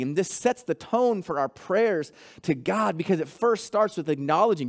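High-voiced man preaching to a church. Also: lively intonation, normal speed. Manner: preaching with rising intensity, calls to the congregation. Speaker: pastor. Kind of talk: sermon.

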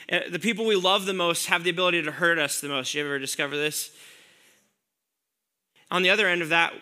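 A high-pitched male pastor preaches a sermon to his congregation in a conversational, earnest way. He poses rhetorical questions to listeners and goes soft on key words.

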